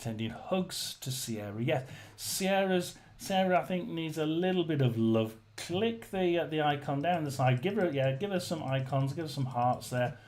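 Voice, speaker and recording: A man's voice: a little high, expressive, moderate pace, hardly any pauses, a little mellow, slight background noise. Rambling man hosting a live chat. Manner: rambling, many fillers and restarts. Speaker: livestream host. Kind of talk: casual livestream chat reading comments.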